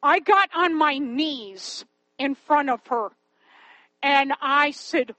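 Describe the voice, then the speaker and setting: A woman's voice: high-pitched, slow, pushed and bright, no room sound, rough recording. A woman telling a faith-based story in an earnest, pleading way, with rhetorical questions to her listeners. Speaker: Christian storyteller and Bible memory helper.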